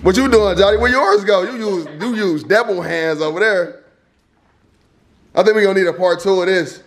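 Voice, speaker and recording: A man's voice: high-pitched, moderate pace, faint music behind. A man hosting a casual family vlog, refereeing a kids' eating contest with playful teasing and laughter.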